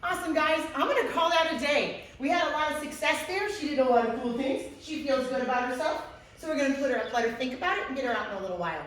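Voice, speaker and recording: A woman dog trainer who explains calmly and switches to high, excited praise for the dog. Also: fast talker. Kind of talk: instructional video with live dog training. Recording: echoey room, distant mic, faint noise.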